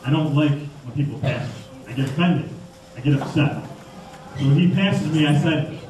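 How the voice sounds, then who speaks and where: A young man from Michigan giving an animated storytelling talk to schoolchildren in a school hall. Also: a little high, normal speed, a little hiss or hum. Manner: animated, acts out voices. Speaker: motivational speaker. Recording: echoey hall from far off.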